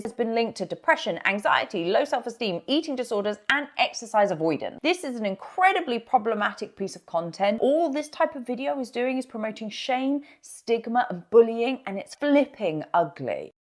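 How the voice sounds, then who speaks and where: A woman hosting reaction commentary, earnest and critical, speaking directly to the person in a clip. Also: fairly high pitch. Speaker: host.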